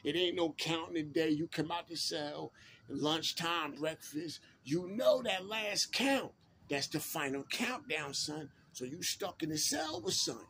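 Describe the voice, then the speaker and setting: A man's voice: on the high side, lively intonation, measured pace, gravelly, pushed and bright, a little hiss or hum. A man, casually telling a prison story in laid-back street slang and repeating himself.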